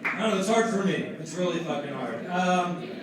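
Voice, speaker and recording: Profane stand-up comic in echoey club. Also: male voice, sits high, animated, moderate pace, far from the mic. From New Jersey. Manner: profane, self-mocking, punchy delivery. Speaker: stand-up comedian. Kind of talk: stand-up comedy set. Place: comedy club stage. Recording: echoey club room, mic heard from afar with crowd noise.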